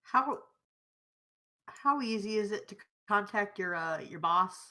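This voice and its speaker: A woman playing a tabletop game, rambling and halting as she asks questions, swearing casually. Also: mid-range voice, lively intonation, bright, forceful tone. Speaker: player.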